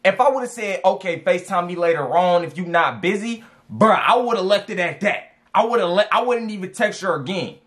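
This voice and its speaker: A man talks through dating advice in a loose, slangy commentary, hammering points by repeating them. His voice sits a bit high and leaps all over the place as he reacts. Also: moderate pace, few pauses. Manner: animated, slangy, repeats for emphasis.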